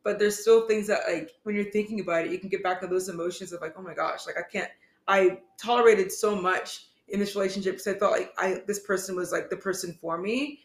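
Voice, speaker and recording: A woman's voice: medium pitch, steady tone, a little fast, few pauses. A young woman co-hosting a podcast, telling a personal story in casual, rambling chat, full of "like". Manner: earnest, rambling, heavy use of "like". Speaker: podcast co-host. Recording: echoey room.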